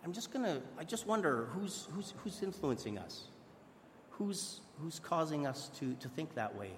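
A man's voice: a little high, expressive, moderate pace, a little hiss or hum. A man preaching a sermon in a church, earnest and conversational, often restarting his sentences. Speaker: pastor. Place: church hall. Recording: echoey hall with long reverb.

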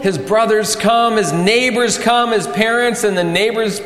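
A man's voice: high-pitched, moderate pace, few pauses. Male pastor, storytelling sermon, dramatic swings, long reverb. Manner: animated storytelling, voice rising for drama, sinking for solemn points. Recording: echoey church hall.

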